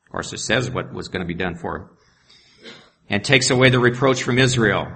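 A man's voice: mid-range voice, bright, forceful tone. A man preaching, reading Bible verses aloud and adding plain, conversational asides. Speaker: pastor. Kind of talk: sermon with scripture reading.

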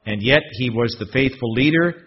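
A man preaching a sermon in a husky voice, expressive and fond of rhetorical questions. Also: medium pitch, normal speed, a little hiss or hum. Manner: expressive, rhetorical questions, swings from loud to hushed. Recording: dull lo-fi recording.

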